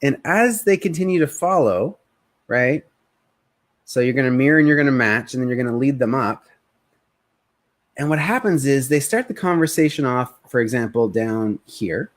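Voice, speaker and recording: A man coaching on sales in a casual live-streamed talk, energetic and conversational, acting out short bits of customer talk. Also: mid-range voice, normal speed. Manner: energetic, conversational, acts out prospects' voices.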